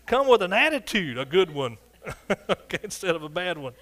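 In the church sanctuary, an older man delivers a sermon with whoops and hallelujahs, full of exuberance. As pastor he sings scripture in a slow, stretched-out way, his high voice sing-song and a bit bright.

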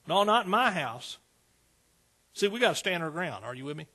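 A man's voice: fairly high pitch, big pitch swings, normal speed, sharp tone, slightly rough. A man preaching a fervent sermon, calling out to his congregation.

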